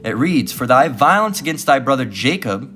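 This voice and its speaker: A man's voice: mid-range voice, big pitch swings, normal speed, fairly bright tone, soft background music. A man preaching scripture in a combative, profane tone, repeatedly asking "all right?" and "guess what". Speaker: street-style preacher.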